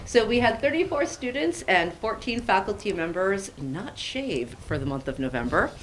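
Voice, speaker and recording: A woman's voice: medium pitch, sing-song, moderate pace. A woman giving chatty, upbeat school announcements at a committee meeting, with a joking manner. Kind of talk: meeting report. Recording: noisy meeting recording.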